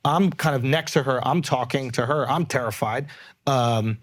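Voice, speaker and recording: A man in his thirties, a podcast host, telling a story in casual, animated talk and swearing freely. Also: mid-range voice, moderate pace.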